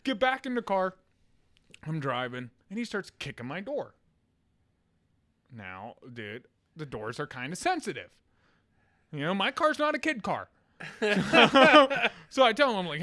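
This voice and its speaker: Casting: young man, podcast co-host, high lively storyteller voice, bright and animated. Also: normal speed, pauses often. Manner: animated, laughing storyteller acting out a kid's screams. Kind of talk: casual storytelling chat.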